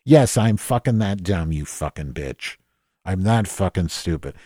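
A deep, dark-toned male voice, animated but measured in pace, comes through clean studio sound with no room noise. The podcast host is in character as Madge, an irritable, profane office worker, improvising a comedy monologue where he rambles, curses, mocks himself and restarts often.

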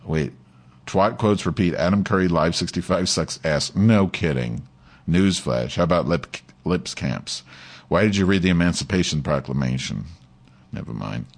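Man, podcast host, low voice, crude and profane, ranting, live chat. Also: animated, normal speed, gravelly.

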